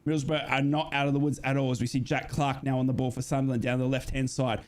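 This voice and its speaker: A man giving live, excitable football commentary as host, jokey and prone to shouting and gushing at big moments. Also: medium pitch, fast talker.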